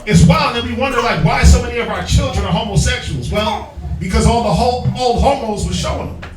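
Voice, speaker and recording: High-voiced guy preaching bible stuff, slangy and fired up, echoey room, mic far off, faint music. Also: a little fast. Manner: emphatic, slangy, prods reader with call-and-response. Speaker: Bible study teacher. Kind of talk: street-style scripture teaching.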